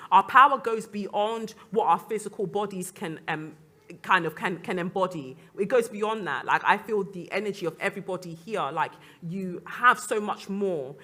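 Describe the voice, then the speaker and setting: Young adult woman, panel talk, bright tone, earnest, reflective, laughs between points. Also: mid-range voice. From Nigerian descent. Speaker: guest speaker.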